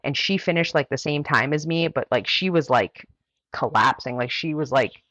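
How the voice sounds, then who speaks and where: Woman guest, deep voice, rambling casual storyteller, dull lo-fi recording. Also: normal speed, a bit bright, no echo. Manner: chatty, heavy use of "like" fillers. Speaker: guest runner. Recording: dull, dry lo-fi audio.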